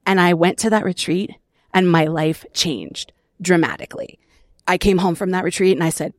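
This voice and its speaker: A middle-aged woman sharing her recovery story in an earnest, reflective way, with soft laughs between phrases. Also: fairly low pitch, normal speed, dry recording, clean studio sound. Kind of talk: personal testimony.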